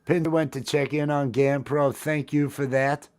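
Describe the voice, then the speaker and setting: A man's voice: a little high, flat delivery, moderate pace, smooth. A man hosting a casual livestream, rambling in a wry, self-deprecating way. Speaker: livestream host.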